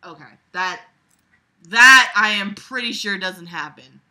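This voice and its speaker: Woman, story reader, sarcastic asides, very bright voice, home mic. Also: medium pitch, unhurried. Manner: sarcastic asides, laughing, playing with a cat. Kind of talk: casual reading with commentary.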